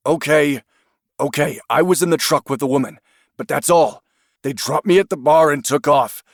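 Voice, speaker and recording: Recorded dry with clean studio sound, a man plays a panicked young man under arrest, stammering out protests. His voice is a little high, pitched above his natural one, and the lightly acted delivery moves at a moderate pace.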